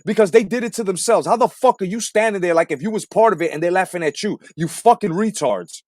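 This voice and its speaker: A man's voice: sits high, fast talker, darkish tone, dry recording, studio quality. A man hosting a boxing commentary stream, ranting in a combative, profane way and repeating himself for emphasis. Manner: combative, repetitive, swearing heavily. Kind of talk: profane live-stream rant.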